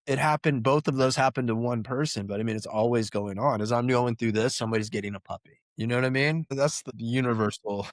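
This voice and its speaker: A man co-hosting a podcast, telling anecdotes in a lively way and acting out what people said. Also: mid-range voice, fast talker, hardly any pauses, dry recording, studio quality. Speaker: podcast co-host. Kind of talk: casual podcast conversation.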